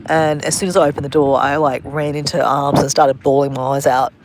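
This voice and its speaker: A woman's voice: a bass voice, level tone, brisk, a little mellow, a little hiss or hum. A woman vlogging a story casually on a livestream, rambling and correcting herself as she goes, outdoors on a phone. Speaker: travel vlogger. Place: outdoors at a beach at sunset.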